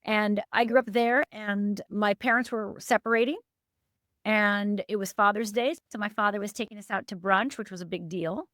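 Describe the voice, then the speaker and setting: A woman's voice: fairly even intonation, normal speed, fairly bright tone, no echo, clean studio sound. A middle-aged woman from Upper Michigan, a life coach telling a painful life story as a podcast guest, earnest and emphatic. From Upper Michigan, USA. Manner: earnest, emphatic, with sudden lifts and drops in pitch. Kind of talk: emotional personal storytelling.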